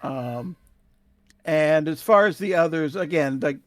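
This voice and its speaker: A man's voice: a little high, expressive, unhurried. A man playing a tabletop game, talking casually and hesitantly with many ums. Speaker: player.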